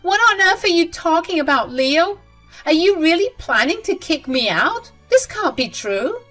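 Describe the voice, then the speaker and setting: A woman voicing a scheming, spiteful mother-in-law who talks in a shrill, indignant way. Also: big pitch swings, moderate pace, fairly bright tone, soft background music. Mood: shrill disbelief.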